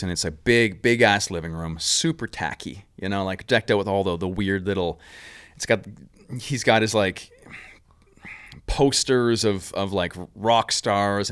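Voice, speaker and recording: A man telling a travel story in casual chat on a podcast, animated and swearing easily. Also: lowish voice, normal speed, clear, resonant tone, dry recording, studio quality. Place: podcast studio.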